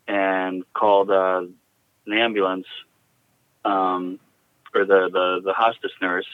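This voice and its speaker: A man recounting a personal story in a halting, reflective way, heard over a tinny phone line. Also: sits low, no echo. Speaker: guest.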